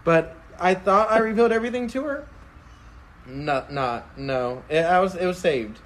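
A man's voice: high-pitched, lively intonation, moderate pace, fairly bright tone. A young man on a casual podcast, telling a long story in a loose, rambling way, full of "like" and laughs.

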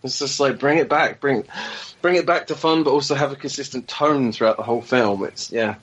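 A man's voice: medium pitch, a little fast, fairly bright tone, husky. Enthusiastic, swearing man on a muffled line. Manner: enthusiastic, profane, rambling with restarts. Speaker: podcast roundtable guest. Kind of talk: casual chat.

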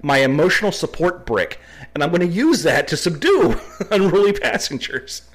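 A man's voice: sits high, very animated, normal speed. A man co-hosting a podcast who reads news items aloud, then trades sarcastic, blunt remarks with some swearing. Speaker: podcast co-host. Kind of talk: reading news aloud, then casual banter.

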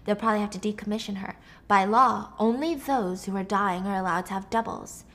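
A woman voicing a calm, hesitant doctor who speaks softly and carefully. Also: medium pitch, natural voice. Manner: soft, hesitant, measured.

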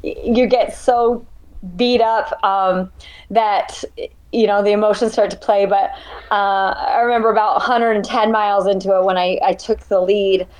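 A woman ultrarunner, a guest in an interview, telling her race story in an animated, emotional way. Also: mid-range voice, normal speed. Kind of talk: conversational interview.

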